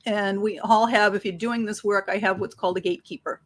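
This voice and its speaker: A woman, a psychic medium, talking as an interview guest and telling stories with lively acted-out dialogue. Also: mid-range voice, fairly quick. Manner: animated, acts out dialogue in her stories. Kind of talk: conversational interview storytelling.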